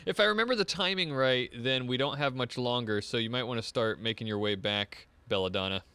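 A man leading a group through an online game, excitable and laughing often in casual gaming chat. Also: mid-range voice, a little fast, a little hiss or hum. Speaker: game leader.

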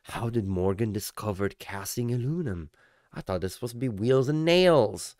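A man reacting and ranting excitedly in a casual car vlog. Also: mid-range voice, fast, no echo, studio quality. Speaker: car vlogger.

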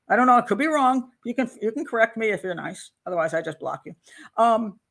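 A woman's voice: medium pitch, lively intonation, fast talker, a bit bright. Rambling woman hosting a commentary show. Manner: rambling, searching aloud for notes, self-deprecating. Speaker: host and criminal profiler. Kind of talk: casual commentary to camera.

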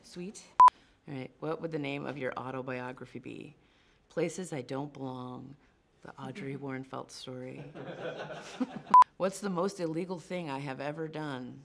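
Low-pitched gravelly woman, chatty. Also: fairly even intonation, normal speed, heavy background noise. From North Shore of Massachusetts. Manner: chatty and self-deprecating, laughing often. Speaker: CGI producer. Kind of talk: casual on-camera Q&A.

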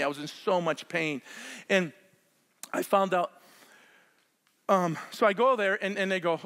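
A middle-aged man preaches in a church, his voice pitched very high and bright. He tells personal stories excitedly, breaking into shouts and laughter. A long reverb from the hall trails his words. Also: normal speed, pauses often. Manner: excitable storyteller, shouts and laughs while acting out scenes. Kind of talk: sermon with personal healing stories. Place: church sanctuary.

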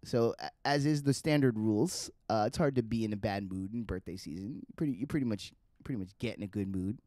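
Chatty streamer, low voice, swears freely while playing. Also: male voice, quick pace, warm tone, dry recording. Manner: profane, chatty, talks to himself and the game. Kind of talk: live gameplay commentary.

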